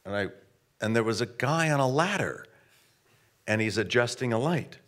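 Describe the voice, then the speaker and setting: Man telling a lively anecdote. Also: medium pitch, moderate pace. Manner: animated, stammering restarts, acts out quotes. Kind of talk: anecdote storytelling.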